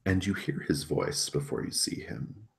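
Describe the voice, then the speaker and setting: Brief: male game master, extremely deep voice, casual rulings and moody narration. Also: vocal fry. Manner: slow and atmospheric in narration, casual when ruling.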